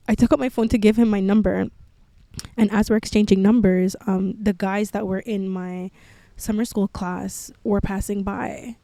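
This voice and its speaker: A woman's voice: medium pitch, a little slow, dark tone, no echo. A young woman hosting a podcast, telling her own story candidly and peppering her speech with "like". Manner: candid, filler-heavy with frequent "like". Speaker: podcast host. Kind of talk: personal storytelling.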